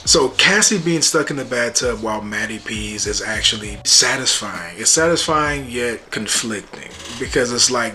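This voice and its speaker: A man giving a casual, joking recap and reaction to a TV episode, animated and full of slang. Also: medium pitch, normal speed, slight background noise. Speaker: YouTube TV reviewer.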